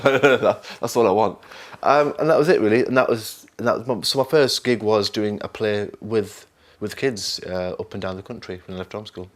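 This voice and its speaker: A man's voice: fairly low pitch, normal speed. A young man with a Lancashire accent, telling stories in an unscripted interview, rambling and self-mocking. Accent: Northern English, Lancashire. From England, Burnley. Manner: rambling, self-mocking storyteller with laughs and mimicry. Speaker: actor interviewee.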